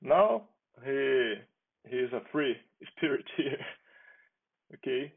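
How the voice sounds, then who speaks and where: A man casually demonstrating his software project on a screen share, talking in a halting, unhurried way and chuckling as he goes. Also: mid-range voice, lively intonation, gravelly, husky. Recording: tinny phone-like lo-fi audio.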